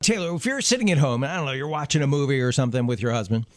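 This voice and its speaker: A man's voice: mid-range voice, lively intonation, rapid-fire, no echo, clean studio sound. Joking man radio co-host. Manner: joking, teasing banter. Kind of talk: casual radio chat.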